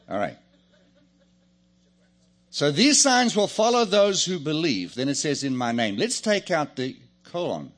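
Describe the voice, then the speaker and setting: A man preaching a sermon, joking and calling on the congregation to answer back. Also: mid-range voice. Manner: lively, joking, calls on the congregation. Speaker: pastor.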